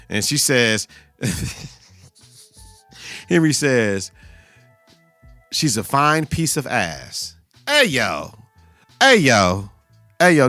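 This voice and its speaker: A man's voice: medium pitch, gravelly, a bit bright, dry recording. Profane, slangy man recapping TV. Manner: profane, slangy, talks back at the screen. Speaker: podcast host. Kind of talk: casual TV episode recap.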